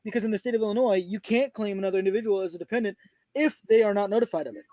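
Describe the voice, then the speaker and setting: A man's voice: high voice, racing, warm tone, dry recording. A man arguing hotly in a casual call, insistent and talking over the others. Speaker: guest. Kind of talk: heated call-in argument.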